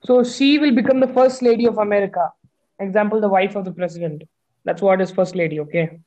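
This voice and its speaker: A man's voice: sits high, fast talker, a little mellow, dull audio. A man chatting casually with friends, teasing and explaining things to them. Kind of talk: casual chat.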